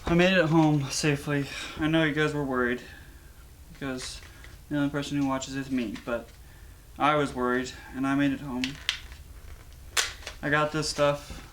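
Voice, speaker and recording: A man's voice: on the high side, steady tone, normal speed, long pauses, fairly bright tone, a little hiss or hum. A young man vlogging casually in a rambling, anxious way, with lots of fillers. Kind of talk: casual vlog.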